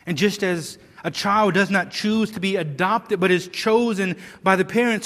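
High-voiced earnest male preacher. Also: a bit bright, in a large hall. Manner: earnest, emphatic, with repeated words and rhetorical questions. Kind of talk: sermon.

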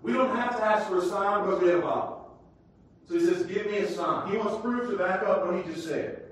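A male pastor preaching a sermon, swinging from loud shouted questions to hushed, quiet passages. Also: high voice, fairly quick. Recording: echoey room, distant from mic.

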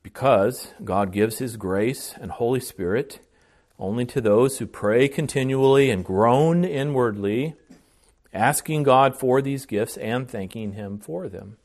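A man's voice: medium pitch, measured pace, darkish tone. Earnest male preacher delivering a sermon. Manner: earnest preaching with frequent restarts, swells in volume on key phrases. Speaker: pastor.

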